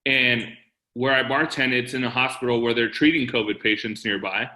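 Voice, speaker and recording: Bright-voiced man in an echoey room. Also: medium pitch, fairly even intonation, normal speed. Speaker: co-presenter sharing his story. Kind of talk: casual personal story.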